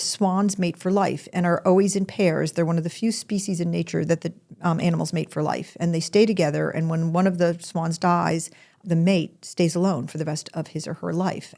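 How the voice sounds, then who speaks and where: A woman's voice: lowish voice, vocal fry, darkish tone. A woman hosting a podcast, telling a personal story in a chatty, rambling way with asides and restarts. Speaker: podcast host.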